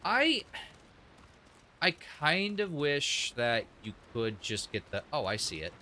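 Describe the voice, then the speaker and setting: A man's voice: on the high side, sing-song, slow pace, sharp tone, a little hiss or hum. A young man casually commenting on his own gameplay as a streamer, thinking aloud and judging what he sees. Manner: chatty, opinionated, thinks aloud with restarts. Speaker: game streamer.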